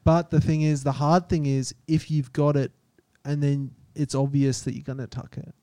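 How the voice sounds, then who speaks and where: A man's voice: fairly high pitch, little pitch movement, moderate pace, mellow, no echo. A young man co-hosting a casual podcast, teasing and laughing as he reads out reviews. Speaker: podcast co-host. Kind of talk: casual chat.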